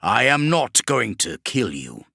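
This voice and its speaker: A man narrating as a towering demon lord from a sci-fi audiobook, measured and scornful, every word unhurried. The voice swings between low and high and has a bright edge. It is recorded dry and close. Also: big pitch swings, vocal fry, breathy edge, no room sound, full character voice. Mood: contemptuous. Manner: slow, deliberate, contemptuous. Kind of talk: audiobook character reading.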